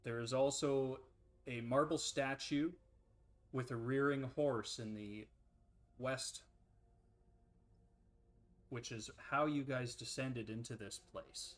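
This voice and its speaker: A man narrating and describing scenes as game master of a tabletop role-playing game, relaxed, with frequent ums and uhs. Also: medium pitch, slow, pauses often.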